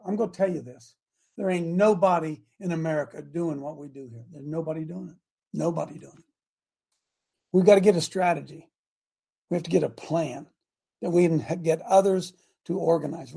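An older man hosting a talk show, preaching in an impassioned, repetitive way full of rhetorical questions, with a raspy voice. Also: fairly high pitch, warm tone. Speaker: host.

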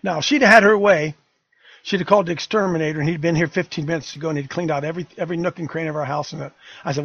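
A man's voice: fairly high pitch, steady tone, very fast, fairly bright tone, slightly rough, no room sound, dull audio. An older man hosting a talk radio show, fiery, emphatic and rambling.

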